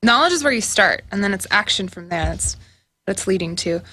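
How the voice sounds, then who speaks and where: Bright-voiced female co-host. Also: medium pitch, expressive, a little fast, no room sound. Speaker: co-host reading viewer questions. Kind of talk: conversational talk-show chat.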